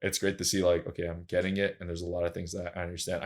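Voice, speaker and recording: A man's voice: low voice, monotone, fast talker. A young man, a track and field coach, telling his story as a podcast guest in an earnest, candid, casual way full of slangy fillers.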